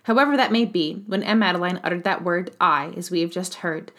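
A woman reads a classic novel aloud in a measured, expressive narration. Her pace is even and her delivery clear. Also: lowish voice. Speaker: audiobook narrator.

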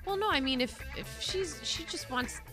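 A woman's voice: sits high, normal speed, over music. A middle-aged woman co-hosting a morning radio show, chatting casually and reading the news and weather. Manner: chatty, reads headlines. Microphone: studio microphone.

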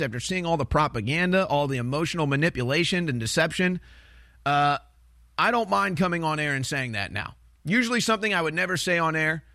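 Man, talk show host, heated political rant, repeats himself, forceful tone, higher pitch. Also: no room sound, clean studio sound. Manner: emphatic, ranting, repeats phrases and restarts.

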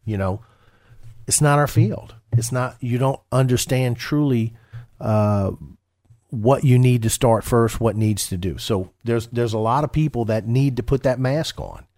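A man's voice: medium pitch, unhurried, a little mellow, no echo, clean studio sound. A man co-hosting a retirement-planning radio show as a financial advisor, talking casually with many restarts and fillers.

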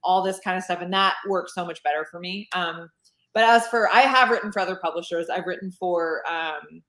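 A woman talks casually about her writing work in a slightly low voice, circling her points with fillers and restarts. Her voice carries a roomy echo. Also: brisk, a bit bright. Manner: rambling, many fillers and restarts. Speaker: romance author. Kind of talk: casual interview chat.

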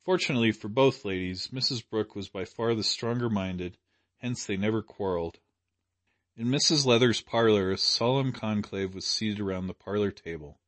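A man narrating an audiobook in a measured, expressive storytelling manner. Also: fairly low pitch, no room sound. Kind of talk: scripted narration.

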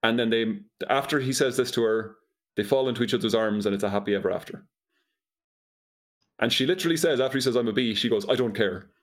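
A man's voice: mid-range voice, quick pace, long pauses. A man chatting casually, dryly and incredulously retelling a film's plot, often laughing. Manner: dry, incredulous storytelling with laughs. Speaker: podcast co-host recapping a movie. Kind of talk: casual comedic chat.

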